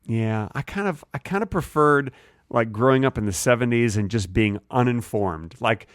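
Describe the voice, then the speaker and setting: A man's voice: medium pitch, animated, moderate pace, no room sound. A man in his fifties co-hosting a podcast, bantering in a dry, teasing, mock-indignant way. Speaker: podcast co-host. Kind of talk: casual comedic banter.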